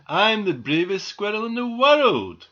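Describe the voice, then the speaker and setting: A man voicing a boastful young male toy squirrel in a storybook reading, high and loud. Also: a little slow, lo-fi sound, full character voice. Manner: shouting, then whimpering.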